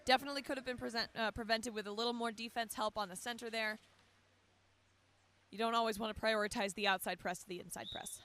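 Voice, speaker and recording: A woman's voice: on the high side, steady tone, quick pace, fairly bright tone. A young woman doing live play-by-play commentary from poolside at a water polo match, chatty and self-deprecating, correcting her own slips as she goes.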